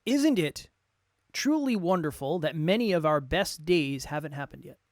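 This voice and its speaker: A man's voice: on the high side, expressive, moderate pace, dry recording, studio quality. A man co-hosting a motivational podcast, joking around and talking in an upbeat way. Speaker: podcast co-host and coach.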